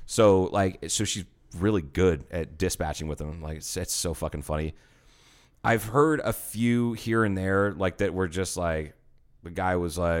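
A man in his thirties, a bartender hosting a casual podcast, telling animated, profane stories and acting out the people in them. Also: low-pitched. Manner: animated storyteller, swears a lot, acts out quotes.

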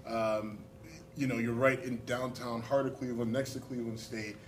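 A man's voice: medium pitch, flat delivery, moderate pace, a little hiss or hum, rough recording. Easygoing male interviewer. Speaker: interviewer, host. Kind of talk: casual interview talk.

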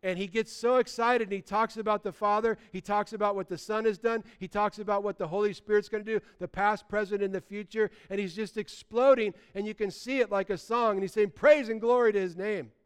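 A man, preaching a sermon, animated, swinging between loud bursts and quiet asides. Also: high-pitched, fairly quick, hardly any pauses, clean tone. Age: 60s. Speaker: pastor.

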